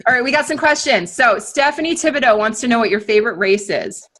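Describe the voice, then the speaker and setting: A woman's voice: fairly high pitch, fast talker, a bit bright. A woman hosting a live video Q&A, upbeat and reading out viewer questions. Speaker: podcast host.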